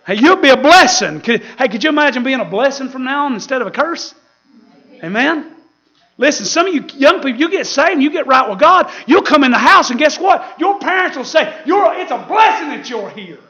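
A man preaching a fiery sermon, with shouted peaks and laughter. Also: extremely high pitch, expressive, a little fast, lo-fi sound.

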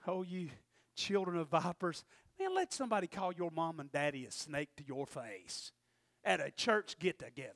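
A male pastor preaching a sermon, telling stories animatedly, acting out voices and rising to shouts. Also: high voice, big pitch swings, fairly quick, vocal fry, no room sound, studio quality.

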